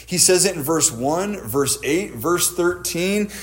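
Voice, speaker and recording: A man's voice: on the high side, expressive, slow pace. A young adult man preaching a sermon, telling stories and acting out quoted lines with a raised voice.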